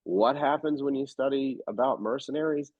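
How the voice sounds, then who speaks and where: A man's voice: mid-range voice, normal speed, no echo. A man talking as an interview guest, telling stories bluntly and emphatically. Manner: animated storyteller, emphatic and blunt. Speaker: real estate investor guest. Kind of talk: casual interview talk. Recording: slightly dull, dry recording.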